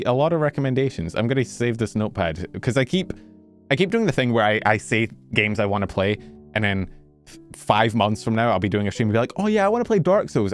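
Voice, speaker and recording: A man streaming as a VTuber, rambling casually to his chat, a little out of breath in a warm room. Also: fairly low pitch. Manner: rambling, self-interrupting, animated. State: slightly out of breath. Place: warm bedroom.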